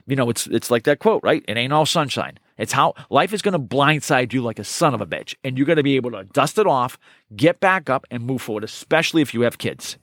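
A middle-aged man tells his story with gusto, swearing freely and stumbling over repeated words when he gets worked up. His voice sits at an ordinary middle pitch. It is recorded close and dry, with no room sound. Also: brisk, dry recording. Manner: energetic, profane, repeats words when fired up. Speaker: podcast guest, trainer and author. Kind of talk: casual interview storytelling.

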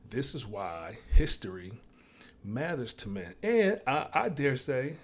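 A man's voice: medium pitch, big pitch swings, takes it slowly, husky. Male host, solo rant, casual and crude, mid-range voice. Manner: blunt, profane, ranting. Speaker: show host. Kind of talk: casual monologue.

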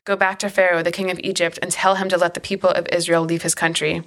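A solemn, commanding divine voice makes firm declarations, as a woman reading scripture gives it voice. The tone is low and even, with little rise or fall, and it carries a steady weight throughout. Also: fast talker, close to an everyday voice.

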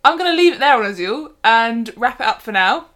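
A woman's voice: on the high side, lively intonation, brisk, a bit bright. A British woman co-hosting a podcast, teasing her co-host while steering the conversation along. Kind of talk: casual chat.

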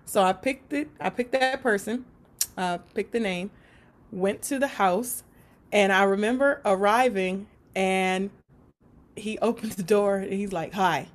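A woman recounts a story from her work in a lively, animated way, laughing often and slipping into the voices of the people she describes. Her delivery is conversational and unscripted. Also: mid-range voice, measured pace. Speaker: guest; support worker for people with autism.

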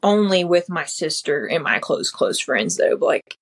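Low-voiced woman chatting. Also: animated, normal speed, slightly rough. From Southern United States. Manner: chatty, sprinkles in lots of "like". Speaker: podcast guest, comedy creator. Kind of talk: casual interview chat.

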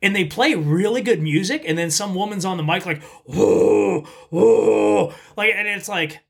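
A man's voice: high voice, fairly quick, pushed and bright, husky. A man chatting casually as a podcast guest, telling blunt, profane stories. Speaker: podcast guest, pizza shop owner. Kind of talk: casual chat.

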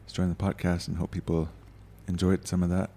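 A man's voice: low-pitched, level tone, fast talker, dark tone. A man co-hosting a podcast in casual chat, trading corny dad jokes. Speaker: podcast co-host.

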